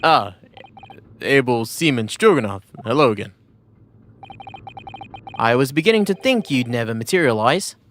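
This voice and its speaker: A man voicing a theatrical, eccentric gentleman detective who speaks in grand, flowery phrases. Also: expressive, normal speed, pauses often, slight background noise, lightly acted. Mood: jovial. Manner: grandiose, flowery, swooping up high.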